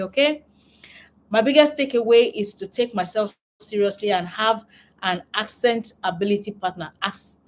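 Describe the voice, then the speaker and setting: A woman's voice: mid-range voice, a little mellow, a little hiss or hum. A woman business coach hosting a live online class, reading out chat replies and cheering each one on. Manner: upbeat and encouraging, repeats praise words.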